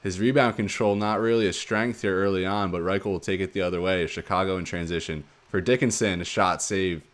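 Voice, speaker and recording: A gaming commentator with a low-pitched voice calls a hockey video game play by play. He moves quickly through the action and bursts with excitement whenever a goal goes in.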